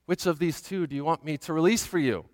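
A man's voice: on the high side, fast, a little mellow, dry recording, studio quality, long reverb tail, lightly acted. A man voicing a desperate middle-aged Roman governor who asks urgent, pleading questions.

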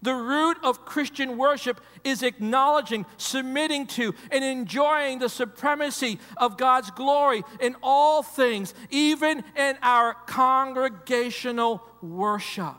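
Male pastor, high voice, preaching in a church hall with a long echo. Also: measured pace, hardly any pauses, clear, resonant tone. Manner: preaching with repetitions, swings from loud emphasis to hushed. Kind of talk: sermon. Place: church sanctuary.

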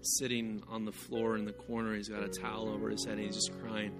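A male pastor preaching a sermon, who tells a story in animated, sometimes loud bursts. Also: lowish voice, a little fast. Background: guitar music.

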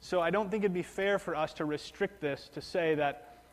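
A male pastor delivers a sermon in a plain, conversational way, often going back over his words and restarting phrases. His voice sits a little high for a man. A long reverb from the hall trails each phrase. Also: normal speed. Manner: conversational preaching with repetitions and restarts.

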